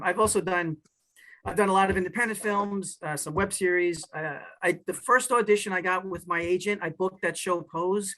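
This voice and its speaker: Animated New York man with a bright voice. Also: high voice, poor audio. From New York / New Jersey area. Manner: animated storyteller, many restarts. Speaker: actor guest. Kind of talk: casual podcast interview.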